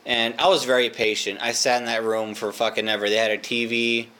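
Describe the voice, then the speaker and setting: A man's voice: medium pitch, little pitch movement, brisk, few pauses, fairly bright tone, clean tone. A young man telling a rambling, profane, self-mocking story in a casual vlog. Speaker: vlogger.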